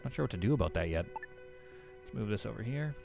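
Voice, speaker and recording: A man's voice: fairly low pitch, animated, fast talker, vocal fry, over music. A man streaming a game live, thinking aloud as he plays, chatting with viewers and laughing easily. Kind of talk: live gameplay commentary.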